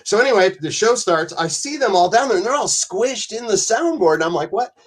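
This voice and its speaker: A man's voice: sits high, expressive, brisk, fairly bright tone. A man who is a podcast guest, telling rambling, profane stories in casual chat and slipping into voices.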